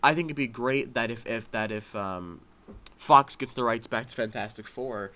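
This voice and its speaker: A man hosting a casual podcast chat, excitable and often acting out scenes in voices. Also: medium pitch, normal speed. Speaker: podcast host.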